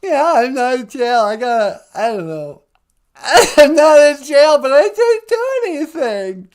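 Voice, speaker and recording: A woman's voice: high-pitched, big pitch swings, a little slow, a little mellow. A woman voicing a whiny male celebrity caller who fake-sobs, giggles and insists he is innocent, in a comedic prank-call sketch. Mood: whiny sobbing.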